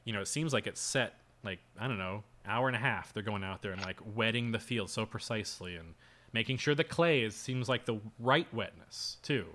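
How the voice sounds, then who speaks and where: Bright-voiced young man rambling casually. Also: lowish voice, a little fast. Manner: rambling, filler-heavy storytelling with frequent laughs. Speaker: podcast co-host. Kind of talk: casual chat.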